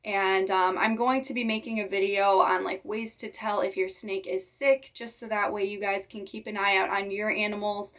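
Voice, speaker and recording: A woman's voice: medium pitch, level tone, a bit bright. Tearful young woman vlogger, mic a bit distant. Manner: tearful, fighting back tears, halting. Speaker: reptile channel host. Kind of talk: emotional vlog talk to viewers.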